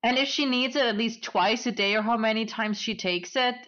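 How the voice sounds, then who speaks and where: A woman co-hosting a casual chat, animated and quick to laugh. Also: on the high side. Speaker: podcast co-host. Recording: dull lo-fi audio.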